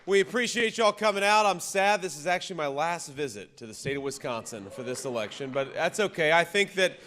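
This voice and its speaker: A man, a vice-presidential candidate, gives a political rally speech. He repeats punchy slogans, shouts the big lines, and often restarts his sentences. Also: fairly high pitch, lively intonation, brisk, in a large hall, some chatter behind, slight background noise. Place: campaign rally venue.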